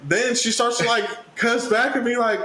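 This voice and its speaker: A man hosting a podcast, telling a story in a casual, animated, profane way and loudly acting out the people in it. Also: very high-pitched, normal speed. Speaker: podcast host. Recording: echoey room with faint noise.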